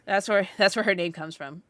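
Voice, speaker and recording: A woman's voice: mid-range voice, moderate pace, a bit bright. A young woman co-hosting a casual podcast, telling a story in a rambling way, full of "like" fillers and restarts. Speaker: podcast co-host.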